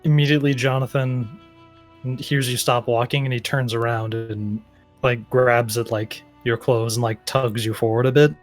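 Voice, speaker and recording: A man narrating as game master in a tabletop role-playing game, describing characters' actions in a relaxed way. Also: medium pitch, normal speed, faint music behind.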